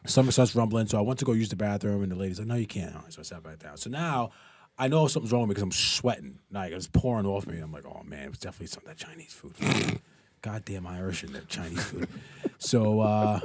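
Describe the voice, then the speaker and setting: A young man co-hosting a podcast, telling stories in casual chat, animated and swearing freely. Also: on the low side, brisk. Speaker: podcast co-host.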